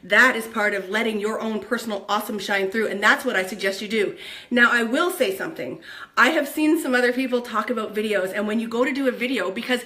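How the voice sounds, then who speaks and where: A high, bright-voiced woman talks straight to the camera in an upbeat motivational vlog. She is bubbly and excitable, coaching her viewers as someone who works in online network marketing. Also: fast.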